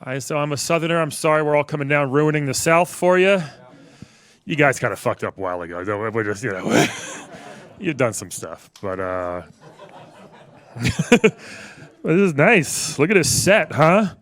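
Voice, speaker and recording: A man's voice: a little high, lively intonation, moderate pace, fairly bright tone. A man in his forties from New York doing a stand-up set, wry and conversational, riffing with the crowd. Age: 40s. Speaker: stand-up comedian. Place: comedy club stage with a live audience.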